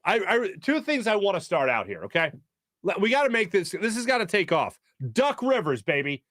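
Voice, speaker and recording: A man hosting a live sports talk stream, reading viewer comments in a loose, joking way full of fillers. His voice sits a little high for a man. The studio sound is dry and close, with no room echo. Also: very animated, brisk, a bit bright. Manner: loose, jokey, reads chat aloud with many fillers. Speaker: sports talk show host. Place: small studio.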